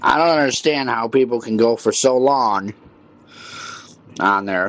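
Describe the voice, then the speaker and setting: A man's voice: lowish voice, steady tone, takes it slowly, long pauses, a bit bright. A male call-in radio host scolding prank callers in an irritated, repetitive way. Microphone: studio mic with headphones.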